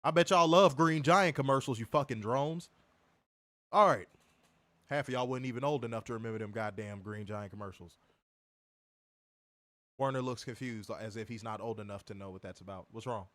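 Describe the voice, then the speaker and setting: A man's voice: mid-range voice, normal speed, long pauses, a bit bright, no echo. A man hosting a wrestling review podcast, ranting and mocking in profane comedic commentary, laughing often.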